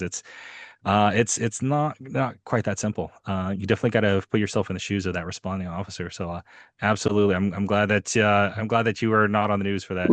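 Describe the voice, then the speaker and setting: A man's voice: fairly low pitch, fairly even intonation, quick pace, no room sound. A man who hosts a podcast, speaking earnestly in an interview and often restarting his sentences. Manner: earnest, with many fillers and restarts. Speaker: podcast host. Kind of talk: interview conversation.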